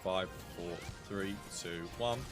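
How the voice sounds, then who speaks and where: A man's voice: low-pitched, slow, loud music behind the voice. A man chatting casually with viewers while commentating his own gameplay on a live stream. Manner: chatty, animated, slangy.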